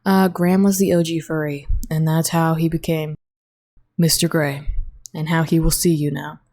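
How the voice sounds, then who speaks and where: A woman's voice: low voice, level tone, moderate pace, a little mellow. Rambling, foul-mouthed young woman podcaster. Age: young adult. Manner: rambling, profane and blunt. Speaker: podcast host. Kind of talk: casual solo podcast chat.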